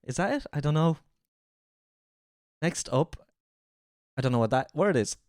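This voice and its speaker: A man's voice: fairly high pitch, lively intonation, measured pace, no room sound. Irish guy streaming, light accent, jokey and swears a lot, dry close sound. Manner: chatty, joking, swears casually. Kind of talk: casual live-stream reaction chat.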